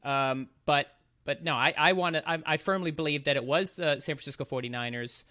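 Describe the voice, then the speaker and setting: A man's voice: on the high side, a little fast, bright, forceful tone, no room sound, clean studio sound. A man hosting a casual sports podcast, who argues his picks with enthusiasm and laughs along. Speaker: podcast host.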